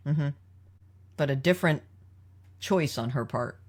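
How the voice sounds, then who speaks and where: A low-voiced woman, speaking a little slowly with a darkish tone, hosts a podcast. She breaks down episodes in a relaxed, analytical manner and directs the talk by questioning her co-host.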